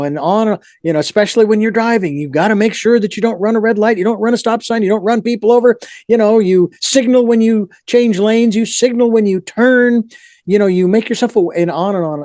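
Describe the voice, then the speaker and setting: A man's voice: high-pitched, fairly quick, warm tone, dry recording, studio quality. A man hosting a podcast, talking in a reflective, meandering way with frequent restarts. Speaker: podcast host. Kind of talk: reflective interview talk.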